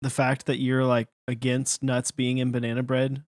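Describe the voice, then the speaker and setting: A man's voice: medium pitch, completely flat delivery, normal speed, dry recording. A man chatting casually with friends in an easygoing way. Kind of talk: casual chat.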